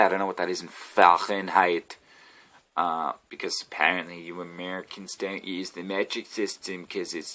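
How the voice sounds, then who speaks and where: Brief: Australian guy, low voice, sore-throated, riffing and cursing. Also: pushed and bright. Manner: meandering, swearing, self-interrupting. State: sick throat. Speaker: comedian. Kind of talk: rambling solo vlog rant.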